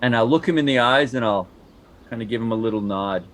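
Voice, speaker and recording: A man's voice: mid-range voice, fast talker, a bit bright, slight background noise. A man playing a tabletop role-playing game, describing what his character does and sometimes speaking as him. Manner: describes his character's actions, drops into short in-character lines. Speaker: player.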